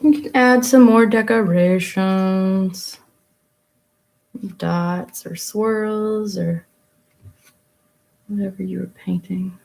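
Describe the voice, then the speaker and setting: A woman's voice: mid-range voice, fairly even intonation, drawn-out words, gravelly, pauses often, a little mellow. A young adult woman hosting a casual live-streamed painting lesson into her laptop mic, chatty and rambling as she paints. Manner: chatty, rambling, self-talking while painting. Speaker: painting class host.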